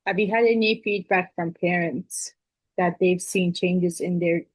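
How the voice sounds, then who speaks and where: Woman interviewer, low-pitched, friendly, dry close sound. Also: steady tone, a little slow, no room sound. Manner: friendly, appreciative. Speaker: interview host. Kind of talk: interview questions.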